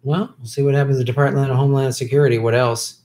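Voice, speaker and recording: A man's voice: mid-range voice, flat delivery, very fast, a little mellow. A man hosting a casual live stream, reading viewer questions and answering in an opinionated, heated way with many restarts.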